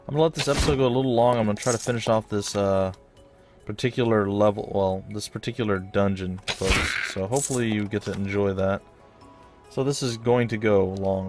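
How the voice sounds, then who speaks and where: A man's voice: fairly low pitch, darkish tone. A man hosting a gameplay video, chatting and joking with his viewers as he plays. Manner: chatty and jokey, addressing viewers as guys and folks. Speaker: let's play host. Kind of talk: casual gameplay commentary.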